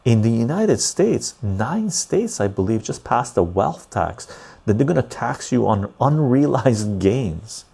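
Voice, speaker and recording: Gravelly, ranting man with a husky voice. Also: lowish voice, mellow. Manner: ranting, profane, keeps asking "right?". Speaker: podcast host. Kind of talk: casual live-stream rant.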